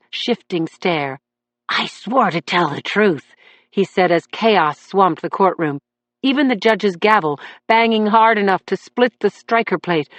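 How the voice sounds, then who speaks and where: A woman reading a crime novel aloud in a measured, even narration. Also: lowish voice, no echo. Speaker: audiobook narrator.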